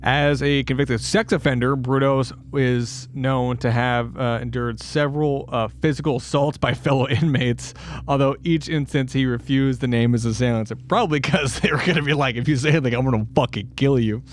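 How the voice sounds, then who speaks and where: A man's voice: mid-range voice, fairly even intonation, moderate pace, slight background noise. A man co-hosting a casual true-crime podcast, swearing freely, laughing and acting out quotes. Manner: profane, laughing, acts out quotes. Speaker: podcast co-host.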